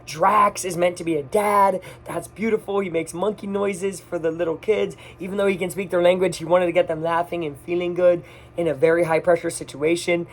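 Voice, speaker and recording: Someone with a mid-range voice gives an off-the-cuff movie review. They gush excitedly, talking in quick bursts.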